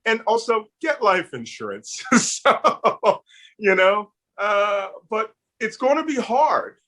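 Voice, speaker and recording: A man's voice: high voice, very animated, takes it slowly, sharp tone. A middle-aged man with a Philadelphia accent, a guest telling personal stories in an earnest, heartfelt way with touches of humor. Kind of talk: casual interview storytelling.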